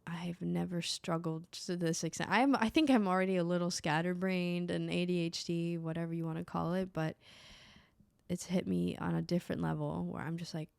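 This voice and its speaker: Gravelly woman, rambling self-help talk. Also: on the low side, darkish tone, no room sound. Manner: rambling, distracted, with restarts. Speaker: podcast host. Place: apartment.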